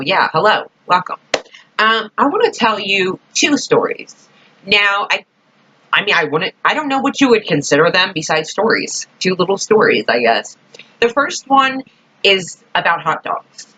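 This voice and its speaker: Young-sounding woman vlogger, husky and bright, swears freely, rambles through stories. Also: deep voice. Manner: rambling, profane, full of "like". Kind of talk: casual storytelling vlog. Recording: dull lo-fi recording.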